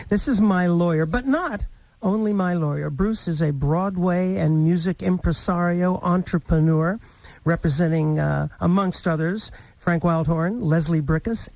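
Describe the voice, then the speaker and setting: A man, hosting a live morning radio show in a playful, jokey way with quick laughs. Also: sits high, darkish tone, no room sound, low-quality recording. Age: 50s.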